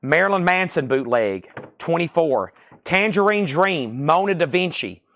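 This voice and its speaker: A man hosting a live record sale stream, briskly calling out titles, prices and buyers. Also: on the high side, lively intonation, a bit bright.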